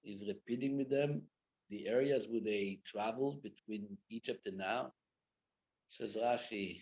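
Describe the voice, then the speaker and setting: A man teaching a live Torah class as a rabbi, mixing Hebrew and Yiddish terms into English and swinging from loud acted rebukes to quiet asides. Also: fairly low pitch, takes it slowly, long pauses. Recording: dull lo-fi classroom recording.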